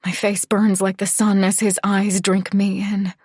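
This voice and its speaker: A woman narrating a first-person romance audiobook in a soft, breathy, half-whispered reading. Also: mid-range voice, flat delivery, measured pace, no room sound, clean studio sound.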